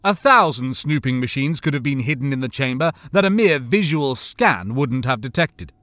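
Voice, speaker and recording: A man narrating an audiobook in a measured, deliberate reading. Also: mid-range voice, expressive, fairly bright tone, dry recording.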